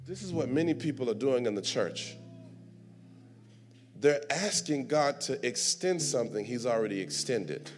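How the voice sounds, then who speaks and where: A man preaching a sermon, moving from quiet talk to shouted, drawn-out declarations. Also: mid-range voice, animated. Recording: live sermon with music playing behind. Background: instrumental music.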